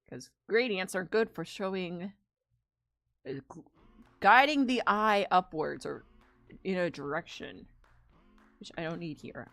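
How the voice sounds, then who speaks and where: A woman's voice: low voice, creaky. A woman streaming her drawing, chatting in a rambling, casual way with plenty of swearing. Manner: rambling, profane, animated storytelling. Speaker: streaming artist. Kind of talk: casual chat while drawing.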